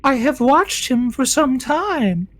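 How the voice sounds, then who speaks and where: A man voicing a huge, scheming female fish-creature queen in a high, coy, sing-song feminine voice. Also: big pitch swings, slow, a bit bright, full character voice. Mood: sly.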